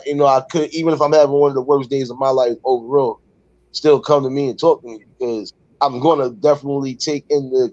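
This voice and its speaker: A man's voice: medium pitch, a little mellow, no room sound. A man hosting a casual panel discussion, talking reflectively and at length, often repeating "man" and "overall". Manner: reflective, drawn-out talk with many fillers. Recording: dull, dry lo-fi audio.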